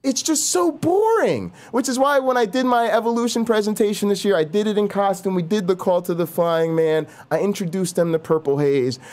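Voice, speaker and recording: A man's voice: brisk, hardly any pauses. A man who works as an evolutionary biologist, a guest on a live call-in stream, ranting in an exaggerated, sarcastic, comedic way. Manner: animated, exaggerated and sarcastic, with big swings in pitch.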